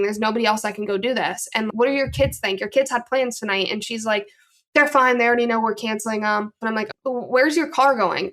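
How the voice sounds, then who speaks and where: A woman from the northern United States, a podcast guest telling a story casually and acting out the lines she quotes. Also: a little high. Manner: animated, acts out quoted dialogue.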